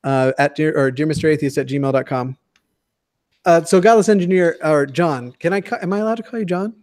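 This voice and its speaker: A man's voice: fairly high pitch, a little fast, a little mellow, no room sound, clean studio sound. A man in his twenties from the Denver area, a guest chatting casually in a profane, joking, rambling way. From Denver area, USA. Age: 20s. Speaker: guest YouTuber. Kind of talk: casual chat.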